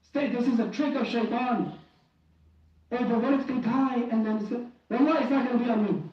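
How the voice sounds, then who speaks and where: Speaking at a moderate pace with an extremely high pitch, a man delivers a Friday sermon in a mosque prayer hall. He pleads passionately, often repeating phrases and starting over, and the hall's heavy echo leaves him sounding distant and dull.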